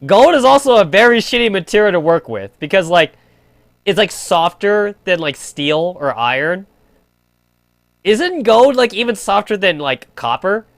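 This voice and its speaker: A man's voice: high voice, sing-song, measured pace, vocal fry, no echo. A young man streaming a game, rambling in crude casual chat full of filler "like". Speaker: gaming streamer.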